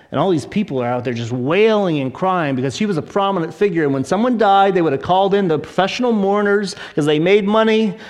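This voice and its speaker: A man delivers a sermon with lively storytelling, slipping into acted voices for the people in the story. His voice sits a little high for a man. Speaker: pastor.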